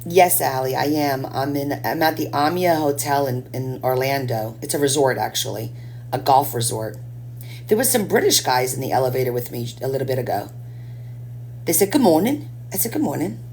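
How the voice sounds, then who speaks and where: Low-voiced chatty woman streamer. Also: brisk, darkish tone, slight background noise. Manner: chatty, rambling, answering viewers' comments. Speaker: craft live-streamer. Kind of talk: casual live-stream chat while painting.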